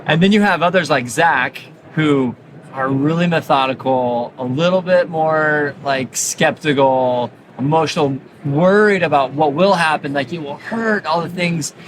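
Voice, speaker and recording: A middle-aged man with a slightly raised pitch tells anecdotes with lively energy. He fills his speech with casual asides. A noisy convention floor hums behind him. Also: measured pace. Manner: energetic, anecdotal, frequent fillers. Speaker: orthodontist guest. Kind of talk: animated storytelling in conversation. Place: busy exhibit hall floor.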